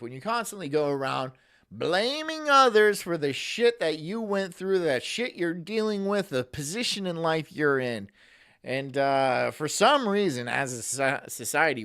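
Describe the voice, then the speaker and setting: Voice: medium pitch, big pitch swings, a little slow, fairly bright tone. A streamer delivering a sarcastic, profane ranting monologue on a live stream, full of mocking asides.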